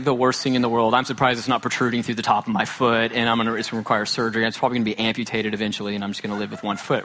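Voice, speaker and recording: A male pastor preaching to his congregation. He tells a story with playful self-mockery and acts out the quoted lines loudly. Then he drops to a quiet, earnest voice. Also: medium pitch. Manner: storytelling with self-mocking humor, swings from loud to hushed. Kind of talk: sermon.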